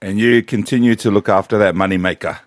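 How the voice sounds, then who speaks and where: A man's voice: lowish voice, steady tone, fast talker, no room sound. A man co-hosting a sports show, joking and teasing in casual chat.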